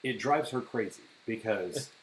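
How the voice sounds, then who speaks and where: A man's voice: fairly low pitch, expressive, unhurried, a little hiss or hum, poor audio. A middle-aged man chatting on a podcast, an enthusiastic storyteller who repeats words as he starts his sentences. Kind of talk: casual podcast chat.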